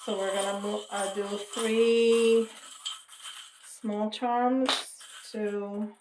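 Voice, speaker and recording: A woman giving a casual tarot reading to viewers, slow and reassuring, with frequent light laughter. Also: mid-range voice, level tone, background noise. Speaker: tarot reader. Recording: roomy, from a distance.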